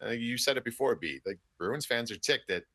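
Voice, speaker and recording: Bright-voiced, rambling hockey analyst man. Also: mid-range voice, expressive, no room sound. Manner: rambling, halting restarts, thinking aloud. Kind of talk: casual sports talk show banter.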